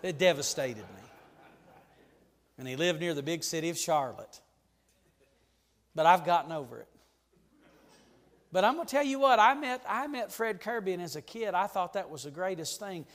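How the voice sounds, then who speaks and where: High-voiced preacher in a reverberant church. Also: male voice, lively intonation, normal speed, long pauses. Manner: fervent, preacherly, swings from hushed to ringing. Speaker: pastor. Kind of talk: sermon. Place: church sanctuary. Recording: long hall reverb in a church.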